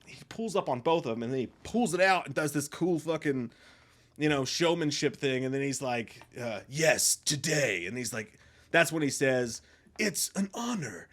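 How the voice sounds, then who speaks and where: A young man hosting a casual spoiler review of a film, emphatic and profane, swinging between loud outbursts and low mutters. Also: normal speed. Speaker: movie review host.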